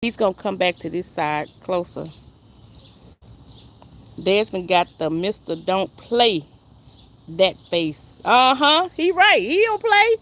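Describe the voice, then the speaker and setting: A woman's voice: medium pitch, big pitch swings, measured pace, long pauses, a bit bright, a little hiss or hum. A woman, chatting and laughing with viewers on a casual live stream. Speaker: livestream host.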